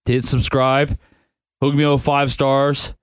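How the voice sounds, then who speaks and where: A man's voice: medium pitch, flat delivery, measured pace, clear, resonant tone, no room sound. Tired, grumbling young man. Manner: laid-back, grumbling, tired. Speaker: podcast host picking football bets. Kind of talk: casual sports-betting podcast chat.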